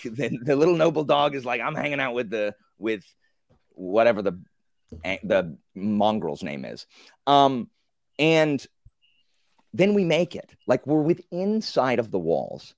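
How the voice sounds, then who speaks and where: A man in a casual group book discussion, telling the story with animated, acted-out reactions and many fillers. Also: medium pitch, dry recording, clean studio sound.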